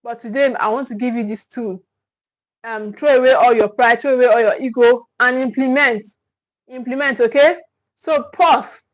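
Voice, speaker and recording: Nigerian woman, parenting coach on a live stream, fairly high voice, repetitive and emphatic delivery. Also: steady tone, moderate pace, rough recording. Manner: repetitive, emphatic, thanks viewers often. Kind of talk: live-stream teaching talk.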